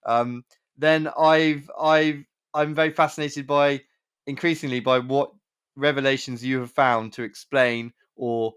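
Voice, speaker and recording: A man hosting a relaxed podcast, his voice at a middle pitch and recorded very dry and close. He rambles, restarts sentences and teases his guest playfully. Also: unhurried, clear, resonant tone, dry recording. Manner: rambling, hesitant, many restarts. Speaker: podcast host. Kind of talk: casual chat.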